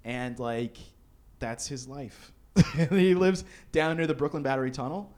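A man telling a story in casual chat, animated and laughing often as he acts out what people said. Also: mid-range voice, unhurried.

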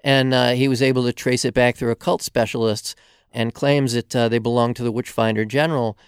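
A man who is a guest author, telling stories in a halting way full of fillers. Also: mid-range voice, fairly even intonation, smooth, no room sound, studio quality. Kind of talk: casual interview storytelling.

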